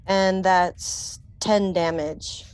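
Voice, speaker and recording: Slow-spoken woman with a lowish voice. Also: fairly even intonation, a little mellow, a little hiss or hum. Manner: slow, unhurried. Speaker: player. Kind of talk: tabletop game play.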